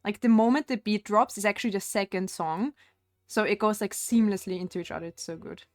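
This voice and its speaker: A woman's voice: medium pitch, fairly quick, darkish tone, no echo, clean studio sound. A young woman streaming live from home, chatting casually and rambling while she paints, with frequent laughs.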